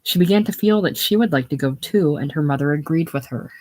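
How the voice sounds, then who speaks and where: An audiobook reader narrating a classic novel in a measured, even way. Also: medium pitch, a little hiss or hum.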